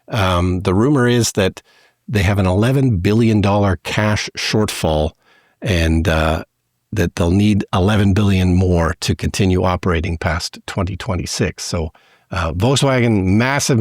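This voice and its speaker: Canadian guy, podcast host, lowish voice, easygoing news rundown, dead dry mic. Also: no echo. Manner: relaxed, reads news with many fillers. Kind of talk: casual news discussion.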